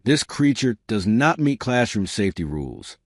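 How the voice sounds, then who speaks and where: A man voicing a tall, thin alien male professor who speaks in a measured, formal way. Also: fairly low pitch, very animated, no echo, studio quality. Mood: cautious.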